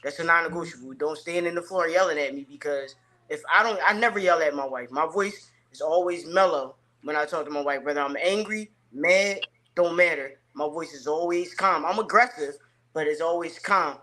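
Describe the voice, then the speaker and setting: A man's voice: on the high side, moderate pace, bright, forceful tone. A man in his thirties talking casually and emphatically on a podcast, with slangy phrasing. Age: 30s. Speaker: podcast guest.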